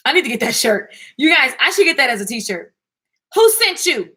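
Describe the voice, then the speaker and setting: A woman, talking casually and preachily to her viewers in a vlog, with quick asides and laughs. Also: sits high, big pitch swings, sharp tone. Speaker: vlogger and singer. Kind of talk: casual inspirational talk to viewers.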